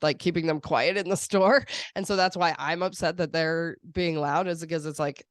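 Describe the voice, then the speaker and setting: Lower-pitched woman, lively podcast host. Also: normal speed, no room sound, studio quality. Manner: animated, acts out quoted voices with laughs. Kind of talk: casual chat.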